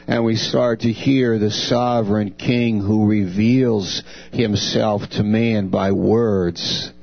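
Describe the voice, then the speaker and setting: A man's voice: vocal fry, breathy edge. A man preaching a sermon earnestly, voicing God's words with a lifted voice. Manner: earnest, dramatizes God's words with raised pitch. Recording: dull lo-fi recording with mains hum.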